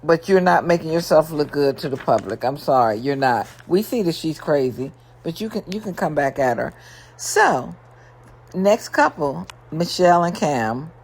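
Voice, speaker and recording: A woman vlogger giving a sassy, animated recap of a reality show, full of exasperated rhetorical questions and big swings in pitch. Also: moderate pace, breathy edge.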